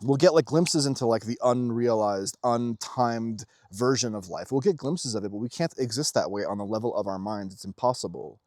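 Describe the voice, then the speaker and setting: A young man giving a casual, emphatic spiritual monologue as host of his own channel, swearing freely and shifting quickly in intensity. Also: mid-range voice, darkish tone, no room sound, clean studio sound.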